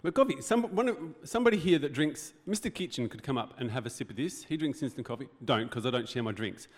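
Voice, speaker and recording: A man's voice: medium pitch, lively intonation, fast talker. A man preaching a sermon as pastor, in a conversational, joking way with rhetorical questions. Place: church hall.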